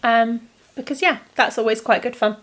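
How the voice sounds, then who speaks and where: A woman's voice: a little high, fairly even intonation, moderate pace, a bit bright. A woman vlogger chatting casually to camera in the evening, with lots of ums. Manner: chatty, many ums, laughs often.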